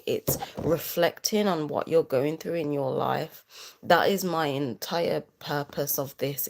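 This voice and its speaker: A woman's voice: sits low, darkish tone. A woman giving a casual astrology talk on a livestream, chatty, repeating key phrases for emphasis.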